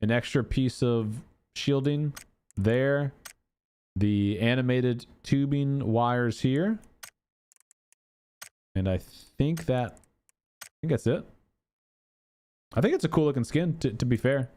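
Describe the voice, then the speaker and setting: A man giving casual commentary on game cosmetics, with an animated, exasperated, swearing manner. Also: medium pitch, slow, long pauses. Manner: animated, exasperated ranting with profanity. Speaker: gaming content creator.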